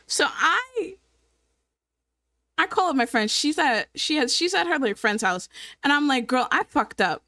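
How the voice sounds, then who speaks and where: Lively, high-voiced woman telling a story. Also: unhurried, long pauses, no room sound. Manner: animated, profane, laughs often, keeps checking in with the viewer. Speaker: storytime vlogger. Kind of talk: casual storytelling to camera.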